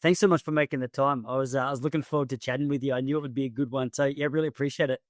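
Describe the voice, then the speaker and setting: A man's voice: medium pitch, fairly even intonation, racing, dry recording, studio quality. A man hosting a podcast, talking casually and in a friendly way with some fillers. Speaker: podcast host. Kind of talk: casual interview talk.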